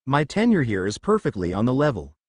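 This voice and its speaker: A man's voice: mid-range voice, huge pitch swings, fast talker, no room sound, studio quality. A man voicing a flamboyant, teasing adult female hero who referees a school tournament in a fan-fiction reading.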